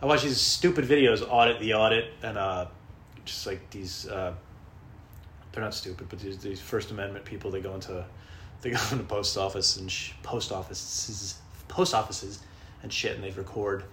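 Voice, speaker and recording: A man telling rambling, profane stories in a casual comedic monologue, often mimicking people in high squeaky voices. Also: fairly even intonation, normal speed, a bit bright, slight background noise. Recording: echoey room, faint background.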